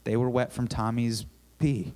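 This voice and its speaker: A young man tells a personal story on stage with an average pitch. He is self-deprecating and animated, dropping to quiet asides and then rising into sudden loud bursts. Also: a little slow, very noisy. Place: theater stage.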